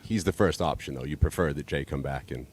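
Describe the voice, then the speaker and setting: A man asking a fighter a question at a press conference, his voice very deep. He speaks in a measured, slightly hesitant way, pausing with ums as he builds the question. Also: no room sound. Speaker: reporter.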